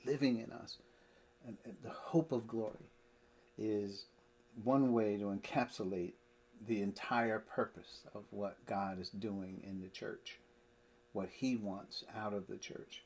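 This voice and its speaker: Man, husky voice, Bible study teacher, emphatic, explains verse by verse, everyday examples. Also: lowish voice, steady tone, measured pace, darkish tone.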